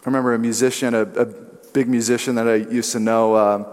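A man's voice: medium pitch, flat delivery, quick pace, a little mellow. A man preaching a sermon in an emphatic way, now and then acting out what others say in changing voices. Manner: emphatic, acts out quotes in shifting voices. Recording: long hall reverb.

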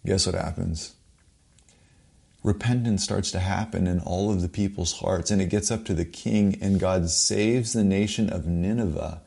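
A man's voice: low voice, steady tone, normal speed, gravelly, a little mellow. A man preaching a sermon with an emphatic, urgent, repetitive delivery.

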